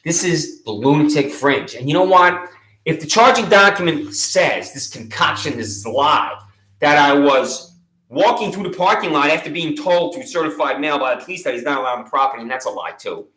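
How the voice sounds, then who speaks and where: A man's voice: fairly high pitch, animated, normal speed. Sarcastic, ranting man in an echoey room. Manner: sarcastic, indignant, mocking; loud rising taunts at times. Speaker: local activist vlogger. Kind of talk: ranting monologue to camera.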